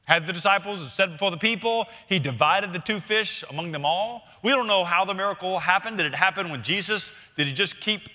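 Bright-voiced preacher in a reverberant hall. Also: male voice, sits high, a little fast, hardly any pauses. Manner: conversational, storytelling preaching with rhetorical questions. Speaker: pastor. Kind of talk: sermon.

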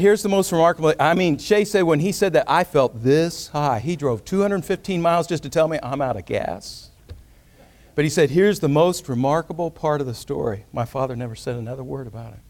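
A man preaching a sermon, telling a story and swinging between loud emphatic rises and quiet hushed moments. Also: on the high side, a little fast. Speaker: pastor.

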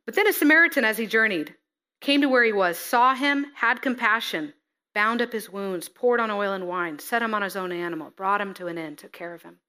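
A woman preaching a sermon, reading scripture and acting out the figures with lively expression. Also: medium pitch, a little fast, clear, resonant tone. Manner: expressive, acts out scripture figures, laughs at herself.

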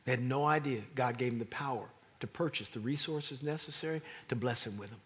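A middle-aged man preaching a sermon, animated and rising to emphatic peaks. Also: mid-range voice, fairly quick.

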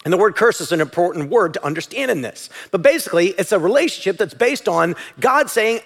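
A man preaching a sermon as pastor, animated and at times shouting. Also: high-pitched, fairly quick, creaky, hardly any pauses.

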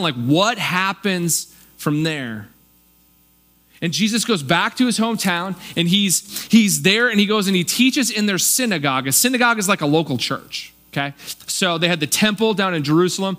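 A man preaching a casual, conversational sermon, animated and acting out the voices of townspeople. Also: high voice. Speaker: pastor.

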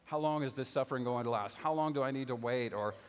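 Conversational pastor preaching in a reverberant church. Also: male voice, mid-range voice, fast, clean tone. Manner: conversational, with gentle humor and fillers. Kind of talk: sermon. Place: church sanctuary. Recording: long hall reverb.

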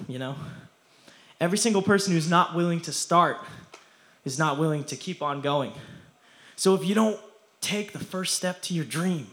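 Young guy preaching, high voice, super casual slang, keeps laughing. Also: fairly bright tone. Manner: playful, slangy, laughs often. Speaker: youth preacher. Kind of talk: energetic casual sermon.

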